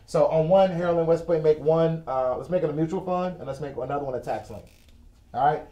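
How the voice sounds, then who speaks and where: A man's voice: fairly high pitch, a little fast, mellow. A man hosting a live-streamed finance lesson from a studio with a whiteboard, talking in a casual, joking, chatty way. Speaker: host and financial educator. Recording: echoey room.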